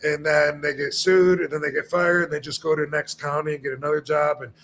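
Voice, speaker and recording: A man's voice: a little high, little pitch movement, a little fast, a bit bright, a little hiss or hum. A man talking casually on a podcast, rambling with many fillers and restarts and acting out the people he quotes.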